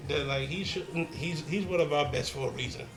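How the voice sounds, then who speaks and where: A man co-hosting a casual podcast, talking in a relaxed, reflective way with many fillers. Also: a little high, fairly quick, reverberant, soft background music. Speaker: podcast co-host. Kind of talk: casual chat.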